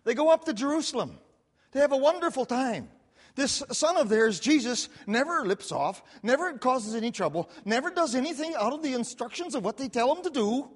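Guy preaching in church, swoopy lively pitch, tells it like a story w/ little jokes, reverby hall sound. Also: a little fast. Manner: animated storytelling preacher with repetition and asides. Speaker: pastor. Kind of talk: sermon.

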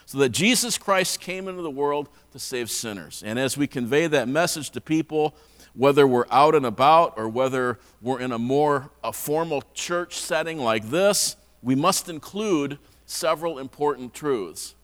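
A man's voice: mid-range voice, lively intonation, normal speed, fairly bright tone. A man preaching a conversational sermon in a church, often repeating words as he restarts. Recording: long hall reverb.

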